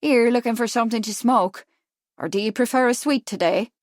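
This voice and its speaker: A woman's voice: fairly high pitch, fairly quick, no room sound, clean studio sound, close to an everyday voice. A woman voicing a stout, self-important middle-aged shopkeeper with an Irish accent in an audiobook, chatty and proud.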